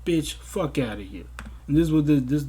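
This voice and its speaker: Husky young man ranting profanely. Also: fairly high pitch, moderate pace. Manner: profane, exasperated, animated outbursts. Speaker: commentary vlogger. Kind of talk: casual ranting commentary.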